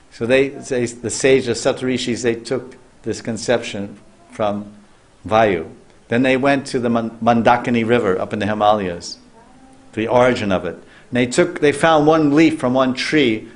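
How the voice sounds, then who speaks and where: A man as a spiritual teacher, telling a sacred story in a loose sermon with restarts and questions to the listeners. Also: mid-range voice.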